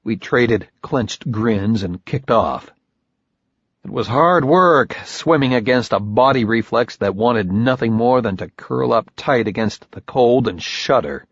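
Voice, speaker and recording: A man narrating a first-person audiobook in a measured, grim storytelling manner. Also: mid-range voice, expressive, breathy edge, no echo. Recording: dull lo-fi recording.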